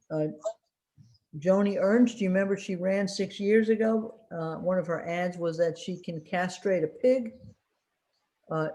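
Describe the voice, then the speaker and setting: A woman giving an unscripted election briefing as a political commentator, halting often with fillers while recalling names and dropping dry, wry asides. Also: on the low side, darkish tone.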